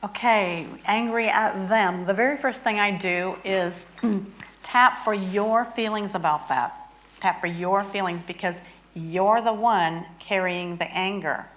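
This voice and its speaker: A woman's voice: medium pitch, takes it slowly, fairly bright tone, slight background noise, poor audio. A woman guest expert explaining and demonstrating a therapy toy, earnest and hands-on. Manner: earnest, demonstrates by acting out feelings. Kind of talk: instructional demonstration.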